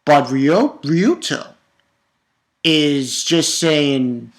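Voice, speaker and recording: A man casually reviewing a comic chapter, rambling with restarts and bursting into excited, profane outbursts. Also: fairly high pitch, very slow. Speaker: manga reviewer.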